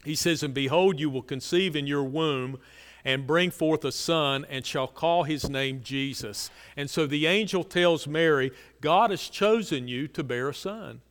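A man preaching a sermon, earnest and repetitive, pressing key phrases and then dropping to a soft, low delivery. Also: a little slow, big-room sound. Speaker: pastor.

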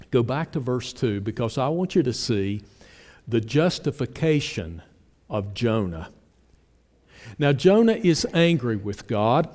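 A man's voice: on the high side, a little mellow. A male pastor preaching a sermon, asking his congregation pointed rhetorical questions.

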